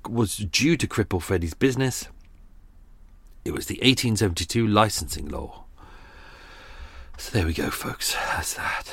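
A man talks in a low voice, hosting his podcast in a loose, rambling way. He sounds close and dry, like a home studio mic. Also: breathy edge, no room sound. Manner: chatty, rambling, with asides and laughs. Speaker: podcast host. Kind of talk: casual true-crime podcast wrap-up.

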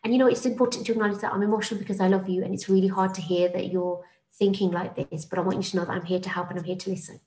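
A woman's voice: medium pitch, little pitch movement, rapid-fire, few pauses, warm tone, reverberant, poor audio. A woman with a British accent who works in suicide prevention, speaking earnestly in a podcast conversation and repeating words as she starts a thought.

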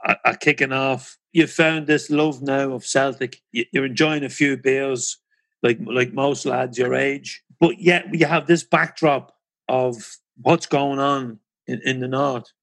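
A man, hosting an interview and asking halting questions with repeated words. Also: mid-range voice, fairly even intonation, a bit bright. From Northern Ireland. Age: 50s. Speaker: podcast host.

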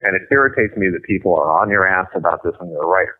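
A man's voice: low-pitched, expressive, racing. A middle-aged man, a guest author in a casual interview, talking in a blunt, profane and emphatic way. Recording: tinny phone-like line.

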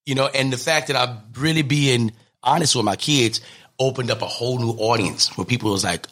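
A man, a comedian, telling animated stories in an interview, acting out the people he quotes. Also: mid-range voice, brisk. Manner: lively, acts out quotes in different voices. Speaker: comedian and guest.

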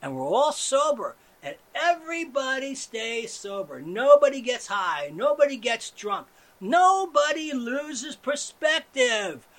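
A man hosting a satirical comedy monologue, ironically swinging between hushed, mellow murmurs and sudden loud outbursts. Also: very high voice, big pitch swings, takes it slowly. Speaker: show host.

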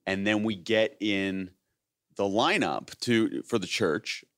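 A man's voice: fairly low pitch, slow, a bit bright, no echo, clean studio sound. A man in his late thirties, a podcast host, telling a long story in casual chat, laughing often and acting out the voices of the people in it. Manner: rambling, laughing, acts out quoted voices.

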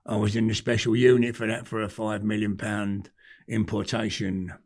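An older man with a London accent, a podcast guest telling animated stories in cockney slang, swearing freely. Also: fairly low pitch, normal speed. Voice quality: gravelly, husky. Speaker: podcast guest, former gangster. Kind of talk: casual storytelling.

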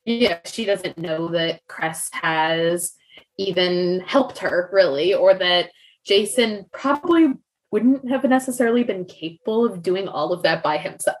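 On a podcast, a female co-host talks casually about a book, rambling and using "like" constantly. Her fairly low voice has lively intonation and an unhurried pace, and the recording is rough.

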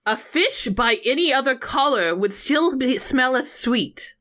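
A woman's voice: high voice, animated, unhurried, a bit bright, pitched above the performer's own voice. A woman voicing a lovesick young cartoon heroine, reciting in a melodramatic sing-song.

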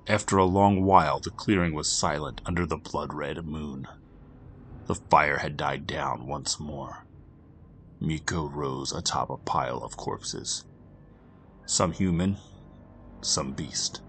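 A man narrating a grim story for a podcast, swinging between loud urgency and hushed, near-whispered passages. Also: rumbling low, slow, a little hiss or hum.

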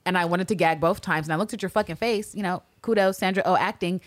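A woman co-hosts a casual podcast and recaps an episode in an animated way, dropping in curse words. Her voice sits fairly low, and the recording is dry and close. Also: fast, no room sound. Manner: animated, acts out character quotes, swears freely. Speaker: podcast co-host.

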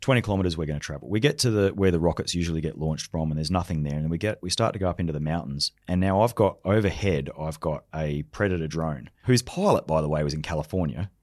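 A man's voice: extremely low pitch, animated, fast talker, hardly any pauses, darkish tone, no echo, clean studio sound. A middle-aged man from Australia, a former special forces soldier turned leadership consultant, telling anecdotes in a podcast conversation and acting out the dialogue he quotes.

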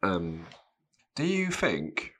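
A man with a very deep, low voice hosts a podcast in relaxed, casual chat. He teases his guest and laughs often as he talks. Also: extremely slow. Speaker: podcast host. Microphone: remote call mic.

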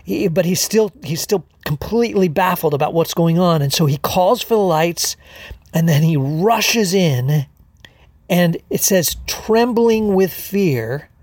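A male pastor delivers a sermon, unpacking word meanings and asking rhetorical questions. His voice sits a little high, with the odd "uh" between points. The sound is dry and close. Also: unhurried, a little mellow, dry recording. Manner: expository, explains Greek words, rhetorical questions; fillers and restarts.

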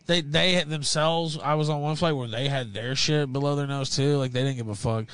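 Young guy, casual podcast guest, slightly high voice, dry close sound, swears constantly. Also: steady tone, brisk, a bit bright, clean tone, no room sound, rough recording. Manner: profane, blunt storytelling.

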